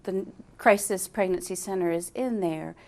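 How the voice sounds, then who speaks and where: A woman's voice: mid-range voice, moderate pace, darkish tone. Woman, interviewer, encouraging, frequent short affirmations.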